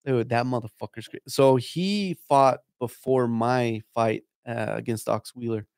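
A man's voice: mid-range voice, measured pace, a little mellow, no echo, clean studio sound. A man guesting on a podcast, telling stories in a rambling, profane way and saying "dude" a lot. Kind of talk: casual chat.

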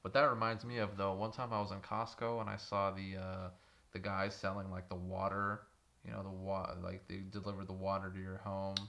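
A man's voice: sits low, level tone, a little fast, vocal fry, sharp tone, a little hiss or hum. A young man co-hosting a podcast, reacting with laid-back quips in casual comic chat. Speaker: podcast co-host.

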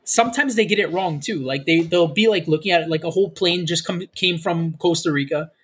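A man with a high, somewhat husky voice talks in a loose, casual chat. He rambles through a story, stacking fillers and slipping into the voices of the people he describes. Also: a little fast, fairly bright tone. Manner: rambling storyteller, acts out quoted officers, many fillers.

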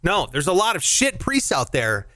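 A man's voice: on the high side, huge pitch swings, moderate pace, bright, forceful tone, no echo. A young man co-hosting a podcast in casual, irreverent, joking chat. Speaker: podcast co-host. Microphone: headphones and mic, remote call.

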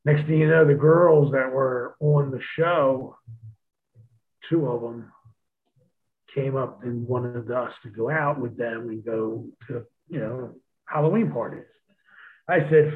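A man's voice: mid-range voice, measured pace. Laid-back cursing man, tinny phone-like sound. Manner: laid-back, profane, laughs often. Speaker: guest telling stories. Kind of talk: casual storytelling chat.

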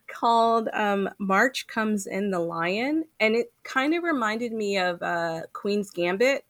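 A woman co-hosting a casual gaming podcast, chatty and quick, full of fillers and easy laughter. Her mid-range voice sits close and dry, with no room sound around it. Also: medium pitch, dry recording. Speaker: podcast co-host. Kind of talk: casual chat.

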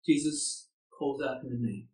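A man's voice: mid-range voice, a little slow, darkish tone. A man preaching a sermon, earnest and asking his listeners rhetorical questions. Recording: echoey room, far from the mic.

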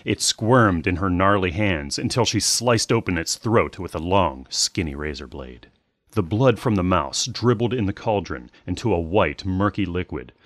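A man reads a dark tale in a measured, descriptive way. His voice sits very low, and the recording is dry and close with no room sound. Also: dry recording. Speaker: narrator. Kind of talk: scripted storytelling narration.

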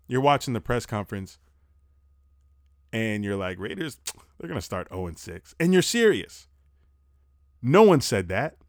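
A young man rattles through a casual football recap, animated and profane, breathing heavily into a close mic. His voice sits in a middle register, and the recording is dry with no room sound. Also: mid-range voice, no echo. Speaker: sports podcast host.

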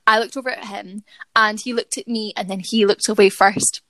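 A woman's voice: medium pitch, fairly even intonation, normal speed, a bit bright, no echo. A young woman tells a story in a casual podcast chat. She talks in a chatty, self-deprecating way, full of "like"s and restarts. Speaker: podcast co-host.

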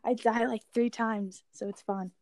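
A woman's voice: a little high, fairly even intonation, a little slow, darkish tone, dry recording, studio quality. A teenage American girl co-hosting a podcast, chatting casually and filling her talk with "like". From United States. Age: teens. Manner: chatty, lots of "like" fillers. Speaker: podcast co-host. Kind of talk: casual chat.

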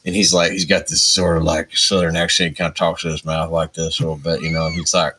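Musician guest, male, 40s, deep voice with a bright edge; loose, hedging storyteller. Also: little pitch movement, quick pace, hardly any pauses, slight background noise. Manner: rambling, lots of hedges and restarts. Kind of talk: casual interview storytelling.

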